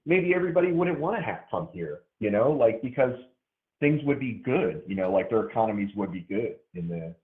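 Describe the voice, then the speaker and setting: A man with a low voice calls into a casual debate, halting and repeating himself as he works out his point. His pitch swings widely. The sound is narrow and phone-like. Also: big pitch swings. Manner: hesitant, restarts and repeats words. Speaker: caller in a debate. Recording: tinny phone line.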